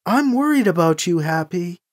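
A woman's voice: lowish voice, lively intonation, normal speed, close to an everyday voice. A reader voicing a worried mother who is anxious about her son. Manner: gentle, anxious concern.

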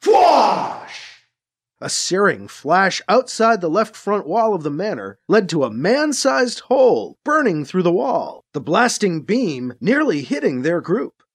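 An audiobook narrator reading an action story aloud in a lively storytelling manner. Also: mid-range voice, measured pace, few pauses, husky. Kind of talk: scripted narration.

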